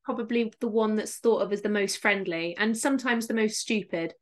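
A woman's voice: medium pitch, brisk. A woman from Somerset, England, with an English West Country accent, chatting as an easygoing, giggly guest in an interview. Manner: easygoing, giggly, self-mocking. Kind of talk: casual conversational interview.

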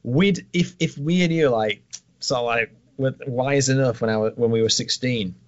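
A man's voice: medium pitch, moderate pace. A man chatting casually as a podcast co-host, making dry, swear-filled asides. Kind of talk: casual chat. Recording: dull lo-fi sound.

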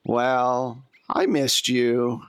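A charming rogue flirts in an easy, teasing way, voiced by a man running the game. The voice stays at a middle pitch and sounds close and dry. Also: steady tone, very slow, vocal fry, smooth, no room sound.

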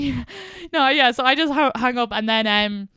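A young woman with an Irish accent, hosting a podcast in a casual chat. Her voice is smooth and clear, and it is recorded close and dry. She tells lively stories, laughs easily and swears without a second thought. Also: on the high side, moderate pace, no echo. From Ireland. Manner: lively storyteller, laughs often, swears freely. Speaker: podcast host.

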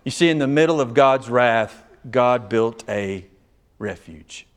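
A male pastor preaching a sermon, swinging between loud, raised passages and hushed, low ones. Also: expressive, unhurried, smooth.

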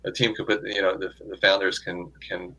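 A man speaking as an investor guest in a casual interview, halting with frequent restarts. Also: deep voice, flat delivery, pushed and bright, poor audio. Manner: halting, many restarts and fillers.

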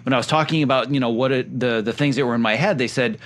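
A man's voice: mid-range voice, quick pace, few pauses, fairly bright tone. A man hosting a casual conversation, speaking earnestly and reflectively with frequent fillers.

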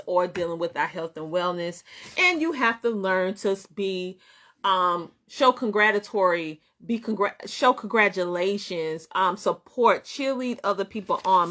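Fairly bright in tone and mid-range in pitch, a Southern US woman runs a motivational live stream as a business coach and show host. She hammers her points home emphatically, says them again, and welcomes viewers by name.

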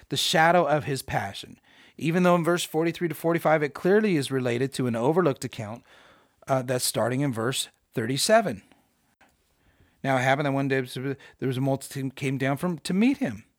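A man hosting a podcast, giving a casual, animated Bible study with emphatic, self-deprecating asides. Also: medium pitch, no echo, clean studio sound. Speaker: podcast host.

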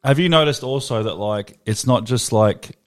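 A man's voice: mid-range voice, normal speed. An Australian man co-hosting a casual chat, rambling and thinking aloud with lots of filler words. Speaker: podcast co-host.

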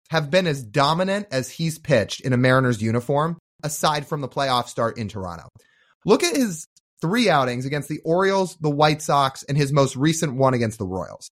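Animated male co-host, sarcastic and playful, voice swinging widely in pitch. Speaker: podcast co-host. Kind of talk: casual sports chat.

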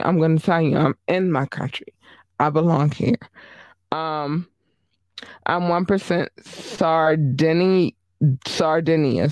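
A man giving a casual vlog monologue, animated and emphatic, often repeating himself. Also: on the high side, dry recording, clean studio sound.

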